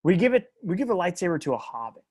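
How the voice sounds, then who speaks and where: A man in his thirties co-hosting a podcast, talking in a rambling, animated way and laughing often. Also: sits high, fast, breathy edge, no room sound. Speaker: podcast co-host. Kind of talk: casual chat.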